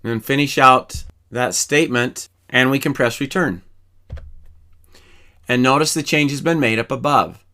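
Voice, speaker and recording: A man teaching a programming lesson, calmly walking through each step as he types code. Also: mid-range voice, normal speed. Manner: calm, methodical, explains each step while typing. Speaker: programming instructor. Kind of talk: screen-recorded coding tutorial.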